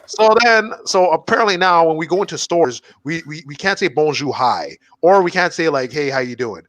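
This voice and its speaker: A man who does stand-up, co-hosting a comedy podcast, animated and swearing as he acts out quotes. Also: on the high side, a little fast, dry recording. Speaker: stand-up comic and co-host. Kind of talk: casual comedy chat.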